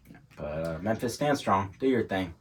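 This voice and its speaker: A man's voice: deep voice, lively intonation, moderate pace, slightly rough. A man co-hosting a podcast, talking in a laid-back, casual way and laughing often. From England. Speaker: podcast co-host. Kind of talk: casual chat.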